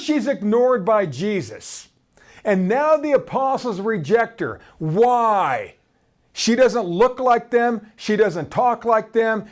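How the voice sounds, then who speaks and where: A man preaching a sermon in an animated way, asking his listeners questions and laughing between points. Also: sits high.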